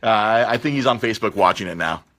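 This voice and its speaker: A man hosting a podcast in a radio studio, telling a story in a lively way, acting out the voices of the people in it and laughing often. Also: fairly low pitch, fast talker. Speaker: podcast host. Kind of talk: animated storytelling chat.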